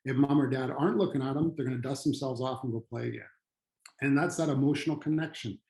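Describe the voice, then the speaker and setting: A middle-aged man, a retired firefighter who now trains people on trauma and resilience, telling a personal story in a halting, earnest way with frequent restarts. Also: mid-range voice, darkish tone, roomy sound, low-quality recording.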